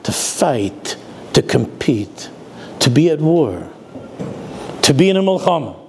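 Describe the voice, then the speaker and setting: A man's voice: fairly high pitch, sing-song, slow, gravelly, a little hiss or hum. An older man, a rabbi giving a sermon, telling stories and dropping Yiddish and Hebrew words into his talk.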